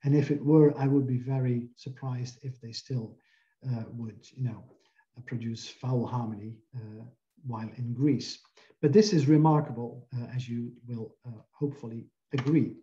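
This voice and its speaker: Dark-voiced male lecturer, muffled audio. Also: mid-range voice, fairly even intonation. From Belgium. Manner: careful, explanatory, with frequent "uh" pauses. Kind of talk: academic lecture.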